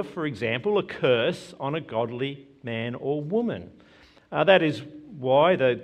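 Earnest preacher guy, kinda high voice, takes his time with every line. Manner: earnest, measured preaching with emphatic quoted scripture. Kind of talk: sermon.

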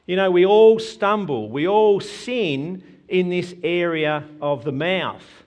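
Earnest preacher guy, kinda high voice, takes his time with every line. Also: lively intonation. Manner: earnest, measured preaching with emphatic quoted scripture. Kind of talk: sermon.

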